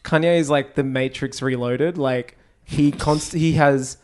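Male podcast co-host, casual, opinionated, laughs a lot, mid pitch. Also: fairly even intonation, measured pace, darkish tone. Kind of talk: casual chat.

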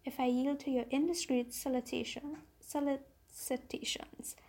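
Brief: woman reading a harried merchant husband, husky, mellow. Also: sits high, steady tone, normal speed. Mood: earnest. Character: troubled loving male merchant.

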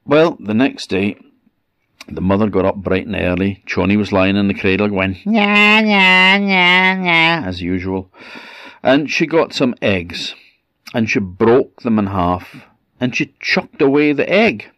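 A man with an Orkney accent telling a folk tale in a measured way with dramatic pauses. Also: fairly low pitch, expressive, no room sound. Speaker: storyteller. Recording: dull, dry recording.

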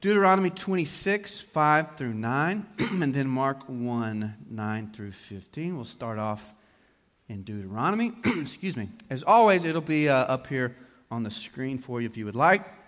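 A man preaching a sermon to a congregation in an animated way, often putting questions to his listeners. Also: mid-range voice, a little slow. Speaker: pastor. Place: church hall with congregation. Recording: long hall reverb.

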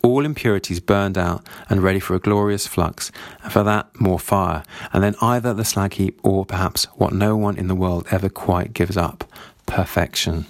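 A man reading the lines of a weary, philosophical older male servant in a measured, grave way. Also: sits low, fairly even intonation, dry recording. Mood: earnest.

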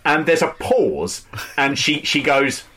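A man co-hosting a casual chat, retelling an anecdote with gossipy relish. His voice swings lively up and down as he talks. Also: on the high side, takes it slowly.

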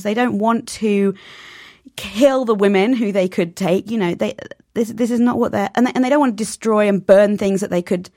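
A woman speaks as a novelist guest in an interview, lively and animated, slipping into quoted voices. Her voice carries a gravelly edge. The sound is dry and close. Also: mid-range voice, no echo. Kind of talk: conversational interview.

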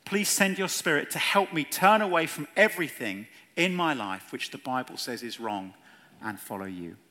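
A man preaching an evangelistic sermon, earnest and pleading, swinging from hushed words to loud ones. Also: a little high. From England. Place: church hall with audience.

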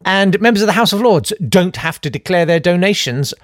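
A man hosting a satirical comedy monologue, sarcastic and mock-indignant, who sometimes breaks into shouted riffs. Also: high voice, lively intonation, brisk, hardly any pauses, dry recording, clean studio sound. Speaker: comedian host.

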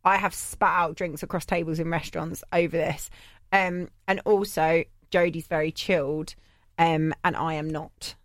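A woman co-hosting a casual chat, telling animated stories and laughing mid-sentence. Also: low voice, normal speed, no room sound. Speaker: podcast co-host.

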